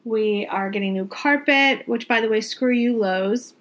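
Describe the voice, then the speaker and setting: A woman's voice: fairly high pitch, a little slow. A woman telling a story casually, exasperated and venting, swearing freely and repeating words for emphasis. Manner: animated, emphatic repetition. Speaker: vlogger telling a travel story.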